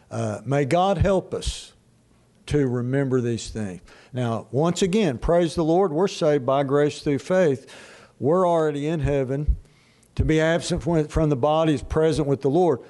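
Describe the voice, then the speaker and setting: An older man delivers a sermon in a high-pitched voice. He takes his time, leaving long pauses and repeating lines for weight. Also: animated, dark tone. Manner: slow, drawn-out preaching with long pauses and emphatic repeats. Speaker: pastor.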